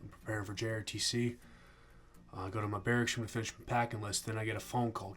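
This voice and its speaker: A man's voice: fairly low pitch, level tone, fast, fairly bright tone. A young man, an army veteran, angrily telling a profane story in a casual vlog. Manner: angry, profane, acts out quoted dialogue.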